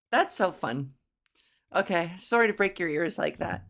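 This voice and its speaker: A woman with a touch of vocal fry hosts her own comedy podcast alone. She rambles playfully from one silly thought to the next and relishes old-fashioned, grandiose words. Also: on the low side, expressive, moderate pace, a bit bright. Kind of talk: casual solo podcast monologue.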